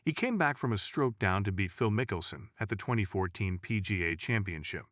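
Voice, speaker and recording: Lively, low-voiced man narrating sports news. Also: a little fast, no echo, studio quality. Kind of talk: scripted sports article narration.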